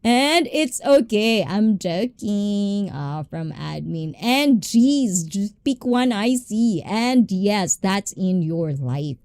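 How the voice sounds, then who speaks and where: A woman hosting a live stream, chatting with viewers in an animated, passionate way and switching between English and Tagalog. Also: mid-range voice, slow, few pauses, no room sound, studio quality. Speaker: livestream host.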